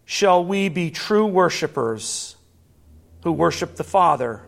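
A high-pitched man delivers a sermon at a deliberate, measured pace. He reads scripture slowly, then lifts his voice into fervent, emphatic appeals. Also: lively intonation, vocal fry, a bit bright. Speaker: preacher.

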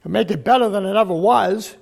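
An older man preaching a sermon with a failing, hoarse voice. He clears his throat often and swings between loud emphatic outbursts and low murmurs. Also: a little fast. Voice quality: gravelly, husky.

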